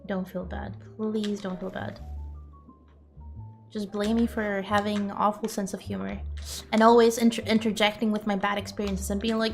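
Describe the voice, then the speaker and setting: A woman's voice: medium pitch, flat delivery, normal speed, vocal fry, faint music behind. A young woman streaming, chatting casually with viewers in a self-mocking, laughing way.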